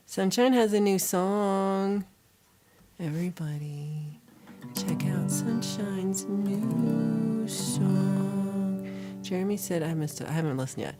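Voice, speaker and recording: In a casual chat with live viewers, this woman stretches out her words and teases them playfully. Her voice is warm and mid-range, and music plays behind her.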